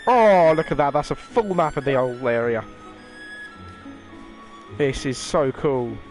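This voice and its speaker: Young streamer, sweary and chatty, lively pitch, game music under. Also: male voice, measured pace, low-quality recording. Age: young adult. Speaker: gaming streamer. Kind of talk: casual let's-play commentary.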